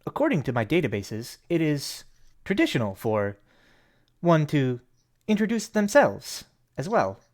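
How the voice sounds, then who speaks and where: A man voicing a calm male magical construct assistant, speaking in formal, clipped, machine-like phrases. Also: fairly high pitch, measured pace, voice pushed up.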